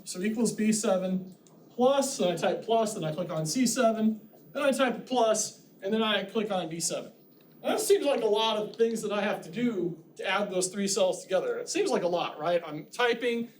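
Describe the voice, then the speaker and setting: A man's voice: sits high, expressive, moderate pace, slight background noise. A middle-aged man teaching a college class, lecturing in a chatty way with joking asides. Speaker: college instructor.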